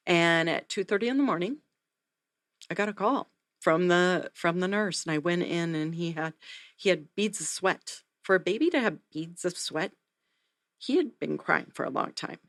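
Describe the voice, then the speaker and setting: A woman, a neonatal nurse practitioner, telling a story in an interview, earnest and animated. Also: on the low side, moderate pace, no echo, clean studio sound. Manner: earnest, animated retelling with acted quotes.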